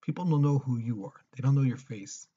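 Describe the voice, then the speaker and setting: Teacher doing a bragging, indignant assassin, husky voice, muffled recording. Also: male voice, medium pitch, brisk, warm tone, lightly acted. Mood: boastful. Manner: boastful, indignant. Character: boastful male assassin craving praise.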